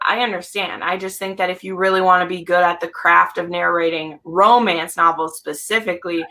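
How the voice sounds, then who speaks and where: Bright-voiced gushing woman host. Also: lowish voice, fairly quick. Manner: gushing, animated, filler-heavy. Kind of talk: casual group chat.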